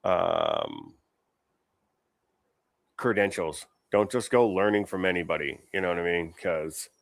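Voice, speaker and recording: A man's voice: low voice, sing-song, unhurried, creaky, no room sound, clean studio sound. A man hosting a show, chatting casually as he reacts to videos, rambling and swearing, stuffing his talk with fillers and laughing often. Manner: rambling, profane, full of "you know" fillers. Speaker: host.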